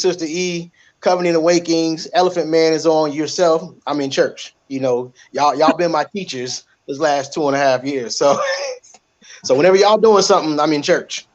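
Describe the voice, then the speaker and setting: A man on a panel talking casually, relaxed and rambling with plenty of fillers. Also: on the high side. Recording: dull lo-fi mic.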